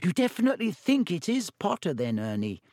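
A man's voice: high voice, huge pitch swings, a little fast, darkish tone, no echo, clean studio sound, pitched above the performer's own voice, full character voice. A man voicing an anxious, kind schoolgirl who speaks uncertainly and pleadingly. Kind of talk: audiobook character voice.

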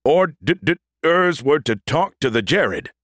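A man voicing a damaged, stuttering android soldier in a battlesuit with a booming voice, in an audiobook. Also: sing-song, fairly bright tone, no echo, studio quality, exaggerated voice. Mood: eager booming. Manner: stutters on first sounds, booming, slow drawn-out words. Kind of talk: audiobook character voice.

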